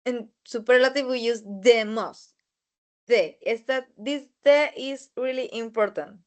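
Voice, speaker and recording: A woman teaching an English grammar lesson in a slow, methodical way, repeating words as she goes. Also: on the high side.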